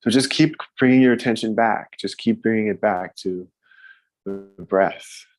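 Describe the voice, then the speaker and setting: A man leading a live guided breathwork session in a slow, gentle way, pausing often. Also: on the low side, no echo, soft background music, rough recording. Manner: slow, gentle, with long pauses. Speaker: meditation guide. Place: room at home with a fan.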